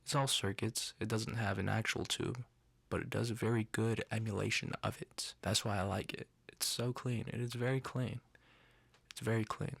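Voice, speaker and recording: Gravelly-voiced man in a casual gear demo. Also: lowish voice, fairly even intonation, normal speed, a bit bright, dry recording. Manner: rambling, self-deprecating, jokey asides. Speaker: channel host. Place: untreated home room. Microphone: studio condenser mic through outboard chain.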